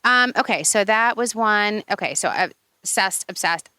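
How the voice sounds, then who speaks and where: A woman with a Long Island accent co-hosting a podcast, chatting outdoors in a garden in a gushing, chatty way, acting out quotes in high voices. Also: moderate pace, sharp tone, dry recording. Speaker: podcast co-host. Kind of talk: casual chat.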